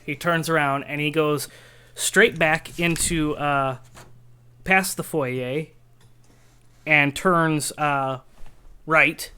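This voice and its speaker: A man narrating a tabletop game as game master, describing scenes in a halting way with many fillers. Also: on the high side, steady tone, bright, forceful tone, smooth.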